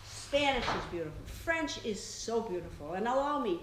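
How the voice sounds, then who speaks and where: A woman's voice: fairly high pitch, animated, normal speed. An older woman, an author, telling chatty family stories to an audience and laughing often. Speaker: author giving a talk. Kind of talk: storytelling talk to an audience. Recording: echoey room with faint noise.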